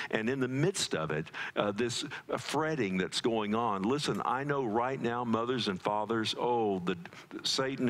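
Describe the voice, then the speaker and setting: A man's voice: on the low side, a bit bright. A man preaching a sermon as a pastor at a church service, earnest and pleading, often repeating himself as he exhorts.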